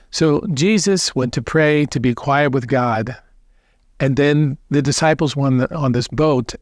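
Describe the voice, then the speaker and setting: Priest, man, gospel reflection, gentle storyteller, dry close sound. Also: mid-range voice, no echo. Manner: gentle, unhurried storytelling with restarts.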